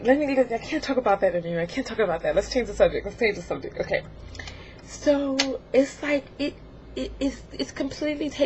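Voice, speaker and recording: A woman vlogger rambling and giggling through a comedic confession, animated and chatty. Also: high voice. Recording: slightly dull home video, faint hiss.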